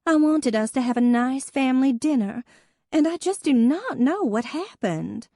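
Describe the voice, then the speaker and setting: A woman doing a shrill, prim older sister. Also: lively intonation, moderate pace, warm tone, no room sound, clean studio sound. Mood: teary. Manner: high, tearful and prim. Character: fussy, easily wounded older sister, woman.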